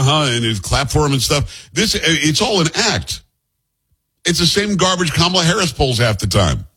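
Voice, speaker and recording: A man's voice: mid-range voice, a bit bright, breathy edge. A man hosting a political commentary show, talking bluntly and with scorn in a conversational way. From New York area. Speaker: talk show host.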